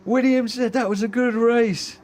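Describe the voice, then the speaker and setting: A man commentating a racing game live, excitable, cheering drivers on and breaking into shrieks of laughter. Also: extremely high pitch, normal speed. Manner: cheers drivers on with repeated phrases.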